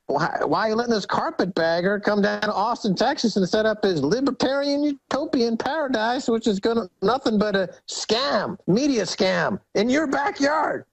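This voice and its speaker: A man appearing as a guest on a radio talk show, ranting indignantly and mockingly with big swings in pitch. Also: no echo, low-quality recording. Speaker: guest commentator.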